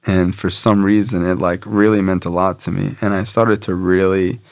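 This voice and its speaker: Gravelly low-voiced man telling a story. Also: level tone, moderate pace, no echo, clean studio sound. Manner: rambling, heavy "like" fillers. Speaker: podcast guest. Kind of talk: casual personal storytelling.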